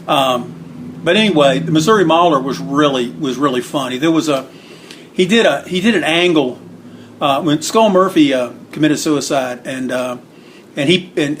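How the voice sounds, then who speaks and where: A man tells old stories in a loose, rambling way. His voice sits a little high, and he jumps higher still to act out what others said. A faint hiss of noise runs behind him. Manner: rambling, acts out quotes with raised pitch. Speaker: interview guest, wrestling book author. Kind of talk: casual storytelling.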